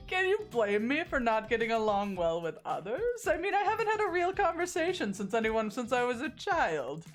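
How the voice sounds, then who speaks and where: A woman's voice: on the high side, big pitch swings, normal speed, soft background music, pitched above the performer's own voice. A woman voicing a brutal, vain male killer called the Trapper, with a menacing, boastful way of talking.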